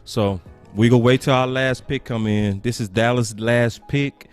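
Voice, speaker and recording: A man's voice: mid-range voice, fairly even intonation, a little slow, smooth, soft background music. A man hosting a casual sports talk stream who speaks in slangy, emphatic repeated phrases. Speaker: sports talk show host.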